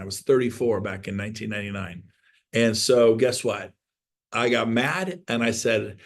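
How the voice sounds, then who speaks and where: A man's voice: medium pitch, normal speed. A man in his fifties giving a motivational real estate coaching talk on a video call, emphatic and preachy, repeating key points and acting out quotes. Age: 50s.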